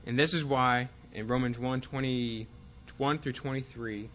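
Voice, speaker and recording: Man teaching a Bible class, halting. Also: mid-range voice, fairly even intonation, fairly bright tone, muffled recording. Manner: halting, with frequent fillers and restarts; reads quoted passages with more force.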